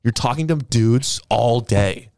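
Podcast co-host guy, mid-pitched voice, blunt and sweary, dry close sound. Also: measured pace, gravelly, a little mellow, no echo. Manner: blunt, swears freely, reacts with laughter. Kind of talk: casual chat.

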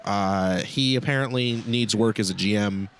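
A man's voice: fairly low pitch, normal speed, a bit bright. Dry, sarcastic man talking sports. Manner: dry, sarcastic, hesitant with many fillers. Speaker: podcast co-host. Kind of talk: casual sports chat.

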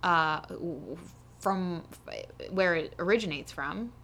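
A woman's voice: on the low side, animated, slow, gravelly, a bit bright, slight background noise. A woman co-hosting a podcast in casual chat, playful and teasing, often laughing. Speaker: podcast co-host.

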